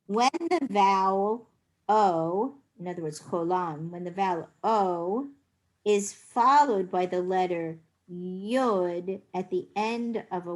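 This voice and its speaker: A woman's voice: medium pitch, a little mellow. A woman teaching a reading class, patiently sounding out words and explaining rules. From United States.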